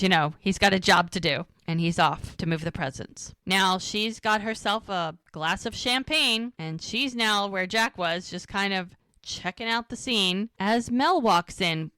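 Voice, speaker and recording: A woman co-hosting a podcast, casually retelling scenes and acting out the characters' lines in quick voices. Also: mid-range voice, sharp tone, clear, resonant tone, no room sound. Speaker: podcast co-host recapping episodes.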